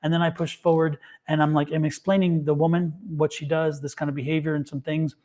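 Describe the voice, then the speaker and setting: A man in casual chat, telling an animated story and acting out what people said. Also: on the high side, brisk. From United States. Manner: animated storyteller, acts out quotes. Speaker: psychic reader and co-host.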